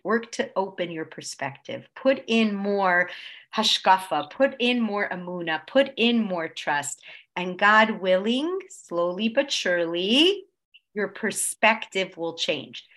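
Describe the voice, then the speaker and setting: A woman leads a conversational religious class. She swings from loud, emphatic peaks to soft, low stretches, and often checks that her listeners are following. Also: animated, unhurried. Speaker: Torah class teacher.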